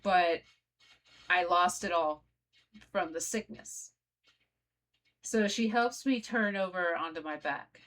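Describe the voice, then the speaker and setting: Speaking slowly and pausing often, this woman vlogger shares her personal story in a relaxed, conversational way, addressing her viewers directly. Her voice is fairly low in pitch and a bit bright.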